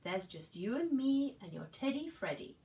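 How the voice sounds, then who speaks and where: A woman doing a brisk, chiding storybook mum. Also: fairly high pitch, sing-song, warm tone, far from the mic. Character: cheerful brisk mother, fond and dismissive.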